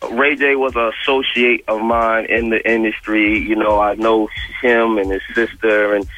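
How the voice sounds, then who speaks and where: A man telling a story in casual, slangy talk, animated and repeating himself as he goes. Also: lowish voice, normal speed, low-quality recording.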